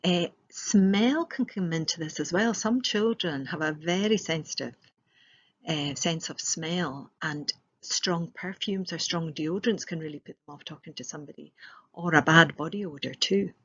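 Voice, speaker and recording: A woman's voice: sits low, normal speed, fairly bright tone, slightly rough, lo-fi sound. A woman giving a recorded presentation as a trainer, explaining step by step with rhetorical questions and the odd filler.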